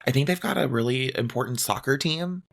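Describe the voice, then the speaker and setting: A man's voice: medium pitch, fairly quick, vocal fry. A man co-hosting a podcast in casual chat, guessing playfully and hesitantly with many fillers. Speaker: podcast co-host.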